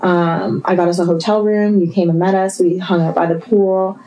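A young adult woman telling stories in casual chat, animated and profane, full of "like". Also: lowish voice, moderate pace, rough recording. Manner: profane, animated, filler-heavy.

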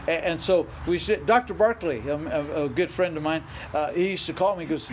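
A middle-aged pastor delivers a sermon in a high-pitched voice, repeating phrases and building to rising outbursts for emphasis. He speaks a little fast with hardly any pauses. The audio is poor, with a faint noise underneath.

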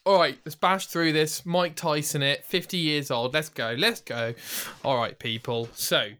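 A man's voice: a little high, unhurried, bright, forceful tone. A man co-hosting a gaming podcast, chatting casually and joking around with enthusiasm. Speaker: podcast co-host.

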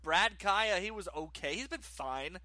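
A man co-hosting a podcast, chatting casually about sports with animated, ranting opinions. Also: high-pitched, measured pace, no echo. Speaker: podcast co-host.

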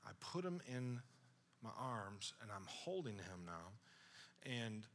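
A male pastor in his thirties preaching a sermon, telling a personal story that builds from hushed retelling to loud, excited preaching. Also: on the low side, slow, slight background noise.

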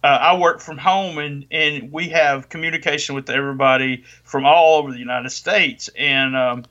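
A man's voice: on the high side, fairly even intonation, normal speed, pushed and bright. A middle-aged man with a Southern US accent, chatting casually and rambling with frequent restarts. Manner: rambling, self-correcting. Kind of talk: casual chat. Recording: dull lo-fi audio.

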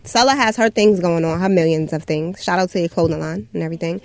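A woman co-hosting a casual talk show, sassy and quick, brushing off teasing. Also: on the low side, creaky, a little mellow, dry recording. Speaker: co-host. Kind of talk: casual chat.

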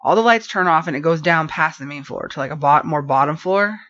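A woman telling a rambling story in casual podcast chat, animated and full of fillers. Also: deep voice, brisk. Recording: dull lo-fi podcast audio.

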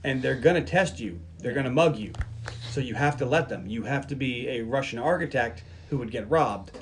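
A man hosting a podcast, casually retelling a movie plot and quickly acting out the characters' lines. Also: mid-range voice, lively intonation, slight background noise. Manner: storytelling, acting out scenes in quick quoted voices. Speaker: podcast host. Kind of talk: casual movie recap chat.

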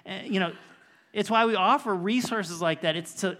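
A man's voice: high voice, moderate pace, pushed and bright. Earnest middle-aged male pastor preaching. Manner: earnest storytelling, building to emphatic preaching. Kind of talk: sermon.

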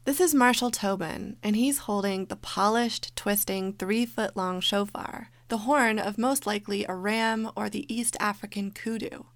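A woman's voice: mid-range voice, unhurried, hardly any pauses, no room sound. A woman co-hosting a podcast, narrating a documentary story in a descriptive, storytelling way. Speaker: podcast co-host.

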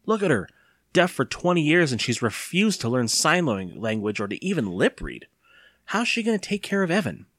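A man's voice: on the high side, sing-song, moderate pace, a bit bright, dry recording, studio quality, voice pushed up, exaggerated voice. A man reading aloud and voicing a worried middle-aged father who protests doubtfully.

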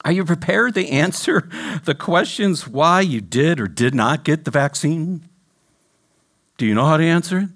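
Animated preacher man, lively rising voice. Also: on the high side, moderate pace. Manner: animated, questioning the congregation directly. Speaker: pastor. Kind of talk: sermon.

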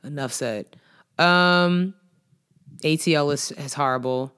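Low-voiced woman in animated casual chat. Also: slow pace, smooth. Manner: emphatic, animated, playful debating.

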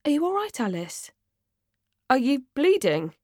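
A kind, worried young woman who speaks gently and softly, as a woman reader puts her on. The recording is close and dry, with no room sound. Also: high voice, very animated, unhurried, no echo, pitched above the performer's own voice. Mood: concerned. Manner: gentle and soft-spoken.

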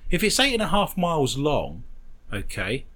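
A man's voice: on the high side, huge pitch swings, normal speed, fairly bright tone. A man hosting a comedy podcast, reading odd news stories aloud and riffing on them with jokes. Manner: jokey, riffing on absurd details. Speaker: podcast host.

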